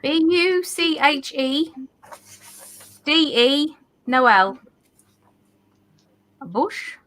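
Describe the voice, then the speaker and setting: A woman hosting a casual party quiz, reading each question slowly and carefully and laughing at her own slips. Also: high voice, lively intonation, a bit bright. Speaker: quiz host.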